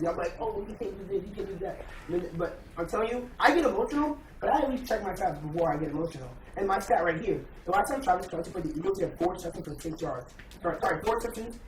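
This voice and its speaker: A man debating football and piling up stats to make his case. He sounds set back from the microphone in a reverberant room. Steady background noise sits under his voice. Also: on the high side. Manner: argues hard with stats. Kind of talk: casual sports debate. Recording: distant echoey mic with noise.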